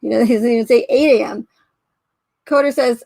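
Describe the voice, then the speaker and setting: A woman with a slightly high voice talks through a case in casual commentary. She sounds skeptical and questioning, often trailing off and starting her sentences over. The recording is dry and close, with no room sound. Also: steady tone, brisk, creaky, long pauses, mellow, no room sound. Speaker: true crime commentator.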